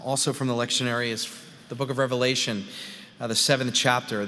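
A man leading worship as a pastor, reading scripture and praying in a slow, measured way with rising emphasis. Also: medium pitch, pushed and bright. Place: large church sanctuary. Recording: long church reverb.

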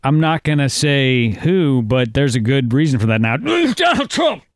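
A man's voice: mid-range voice, steady tone, moderate pace, clean tone, dry recording, studio quality. A man hosting a casual podcast, joking and crude, teasing his co-host. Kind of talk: casual comedic podcast banter.

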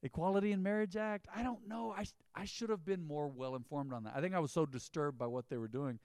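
A man's voice: on the high side, fast, a little mellow, clear, resonant tone, no echo, studio quality. A man preaching a sermon as pastor, in an emphatic, conversational style with rising bursts.

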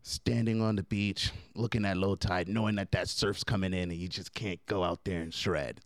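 A man putting on a laid-back surfer dude voice, drawling surfer slang in a low, mellow tone. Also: steady tone, normal speed, no echo, natural voice. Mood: dreamy. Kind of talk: podcast banter.

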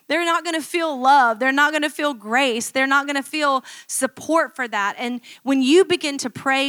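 A woman's voice: high voice, pushed and bright, no echo. A middle-aged woman pastor preaching a sermon in a chatty, self-mocking storytelling way, acting out quotes from her own life.

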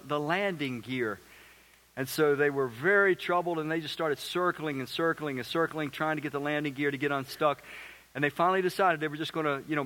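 A man preaching a sermon as pastor, animated, acting out little voices and asking the crowd questions. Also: a little high.

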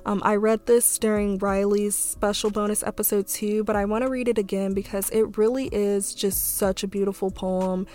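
A young woman, hosting a podcast, speaking softly and tearfully, with halting fillers as she reads a letter aloud. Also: medium pitch, flat delivery. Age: young adult. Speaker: podcast host. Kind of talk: reading a letter and a poem, then casual talk.

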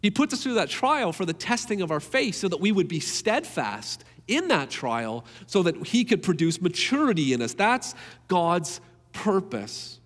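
A man's voice: high voice, very animated, moderate pace, big-room sound. A man preaching a sermon in an earnest, emphatic way, repeating key phrases to drive them home.

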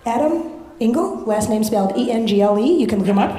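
A young adult woman doing a stand-up comedy set, brash and profane, jumping up to shout her punchlines. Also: mid-range voice, fairly even intonation, quick pace, noisy background. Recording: echoey live club.

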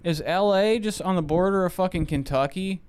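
A man's voice: high voice, fairly quick, a little mellow, a little hiss or hum. A man co-hosting a movie podcast, giving blunt, profane, rambling opinions in casual chat. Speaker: podcast co-host.

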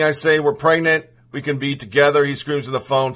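A man's voice: fairly high pitch, steady tone, a little fast, a bit bright. Earnest man reading a personal story.

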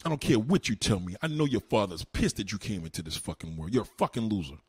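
A man delivering a heated, profane rant to the camera, swinging between low mutters and loud insulting outbursts. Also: sing-song, fast, husky.

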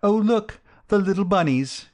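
A man reading an audiobook, voicing a sentimental, dreamy young woman with a breathy, whispery, drawn-out delivery. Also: sits high, lively intonation, darkish tone, voice pushed up. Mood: gushing. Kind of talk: audiobook character voice.

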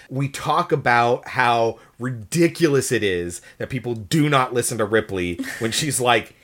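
A podcast co-host talking in a measured, explanatory way during a casual film discussion. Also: medium pitch, expressive, a bit bright.

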